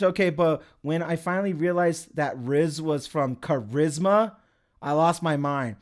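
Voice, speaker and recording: A man's voice: a little high, a little slow. A young man hosting a casual livestream, rambling, swearing and chatting to viewers. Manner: rambling, swears, laughs often. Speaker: livestream host. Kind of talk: casual livestream chat reading the chat.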